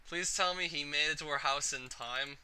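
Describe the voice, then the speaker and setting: A man casually commenting on a game and reading its text aloud, thinking out loud as he goes. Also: a little high, normal speed, smooth, poor audio. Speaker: let's player.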